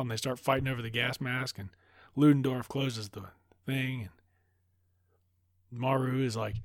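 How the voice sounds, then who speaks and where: A man loosely retelling a film plot in a casual, profane ramble. His voice sits at an ordinary middle pitch. The sound is dry and close, with no room around it. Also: steady tone, normal speed, gravelly, no room sound. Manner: loose, rambling, swears freely. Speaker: movie recap host. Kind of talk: casual profane movie recap.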